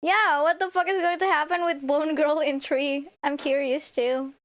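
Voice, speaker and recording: A young woman streamer giving excitable, playful game commentary, laughing and swearing freely. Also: high-pitched, normal speed. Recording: faint game music behind.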